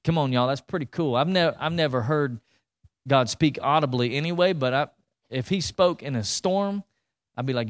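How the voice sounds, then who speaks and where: A man preaching a sermon in a lively, colloquial way, full of rhetorical questions and asides to the congregation. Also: medium pitch, moderate pace. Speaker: pastor.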